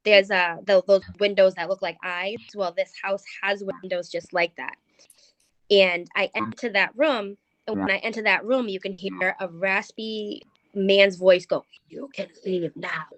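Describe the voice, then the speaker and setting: Woman guest, paranormal investigator, halting ghost story full of ums, dry close sound. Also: medium pitch, fairly even intonation, fairly bright tone, no echo, dull audio. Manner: hesitant, many ums and restarts. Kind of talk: recounting a ghost story in conversation.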